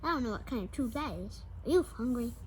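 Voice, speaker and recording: A woman voicing a shy young schoolboy who loves his pet hamster, reading a picture book aloud in a soft, sometimes hushed voice. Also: a little high, expressive, quick pace, slight background noise, natural voice, rough recording. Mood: eager.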